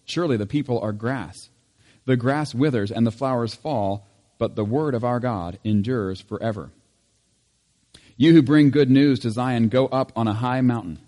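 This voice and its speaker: A man serving as pastor, leading a church service with prayer and scripture reading, reading in a measured way and lifting his voice on key lines. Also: mid-range voice, warm tone, long reverb tail. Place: church sanctuary.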